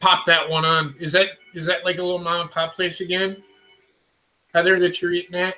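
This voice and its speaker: Male host, casual stream chat, bright ringing voice, fairly high, faint music behind. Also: little pitch movement, fairly quick. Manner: loose, profane, chats with viewers by name. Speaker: show host.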